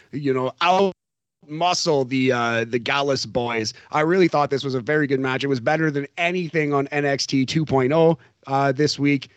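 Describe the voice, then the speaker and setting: A man's voice: on the high side, no echo, dull audio. A man co-hosting a podcast, chatting casually and jokily about a wrestling show and laughing often. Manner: animated, jokey, laughs often. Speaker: podcast co-host. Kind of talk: casual wrestling recap chat.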